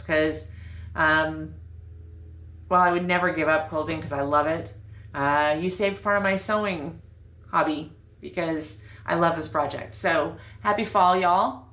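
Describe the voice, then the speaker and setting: Her voice sits low with a fairly bright tone and a moderate pace as she hosts a chatty sewing vlog from home. She's bubbly and rambling, often stopping to correct herself, in an echoey room with faint ambience.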